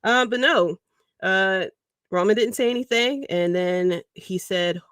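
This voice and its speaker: A woman hosts a casual livestream, rambling in an animated way and breaking into little chuckles as she goes. Her voice sits at a middle pitch. The sound is dry and close, with no room echo. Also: unhurried. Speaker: podcast host.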